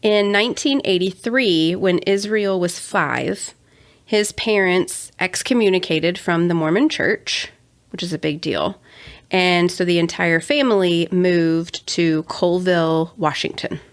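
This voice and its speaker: A woman's voice: fairly low pitch, a little slow. A young adult woman co-hosting a casual true-crime podcast, chatty with sarcastic asides. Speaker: podcast co-host.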